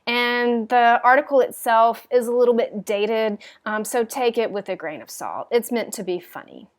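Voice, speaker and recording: A woman with a fairly high voice teaches French in a recorded lesson, probably from home. She talks patiently, fills pauses with frequent ums and says each phrase aloud for her students.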